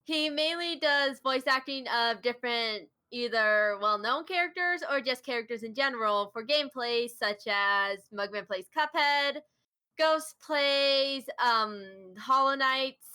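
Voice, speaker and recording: A woman hosts a casual chat with a fairly high, bright and punchy voice. She gushes with eager enthusiasm and giggles often as she praises someone she admires. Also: a little slow, clear, resonant tone. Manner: enthusiastic, giggly fan talk. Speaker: host.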